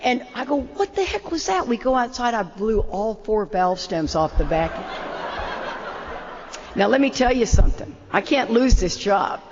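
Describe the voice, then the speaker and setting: An older woman, an animated and self-deprecating storyteller, telling a long personal story as the opening speaker of a talk. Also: mid-range voice, measured pace, noisy background. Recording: muffled roomy hall.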